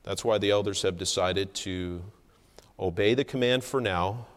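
A man preaching a sermon from the pulpit, earnest and measured, with emphatic rises on key points. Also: lowish voice. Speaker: pastor. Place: church sanctuary. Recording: long hall reverb.

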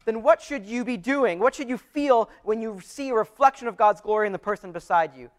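Pastor guy with a high voice, earnest sermon, chatty, keeps restarting his sentences. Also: brisk. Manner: earnest, conversational preaching with repeated restarts.

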